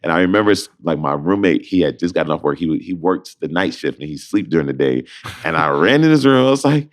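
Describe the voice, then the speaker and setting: A young adult man from Detroit, a Broadway actor with a deep bass voice, telling a lively story as a guest and acting out both sides of the phone calls he describes. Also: fast. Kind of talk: animated storytelling in conversation.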